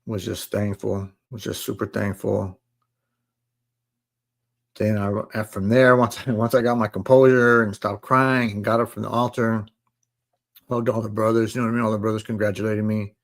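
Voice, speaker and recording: A man in his forties with a low, gravelly voice tells his story in a casual, unhurried way. He drops relaxed slang and calls his listeners bro, as if he is chatting with friends on a live stream. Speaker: live stream host sharing his testimony.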